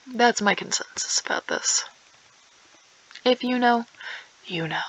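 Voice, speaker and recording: A teenage girl streams a game and chats casually, rambling and self-aware, sometimes dropping to a whisper or slipping into song. Her voice sits on the high side with a steady, fairly bright tone and a measured pace. The audio quality is poor.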